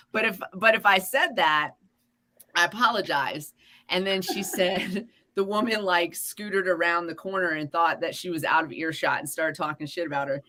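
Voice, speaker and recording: A woman's voice: lowish voice, normal speed. A woman co-hosting a casual podcast, telling stories with lots of laughter and swearing, and she calls her listeners "y'all". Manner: animated storyteller, laughs often, swears freely. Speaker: podcast co-host. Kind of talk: casual chat.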